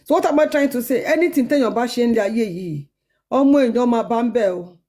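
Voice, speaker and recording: A woman's voice: fairly high pitch, racing, mellow. A woman with a Nigerian accent, an earnest caller pleading and repeating herself in a live chat.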